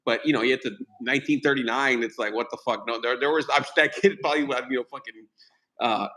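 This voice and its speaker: Rambling, cursing podcast host, bright voice. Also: male voice, medium pitch, quick pace. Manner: rambling, profane, animated. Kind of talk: casual movie chat.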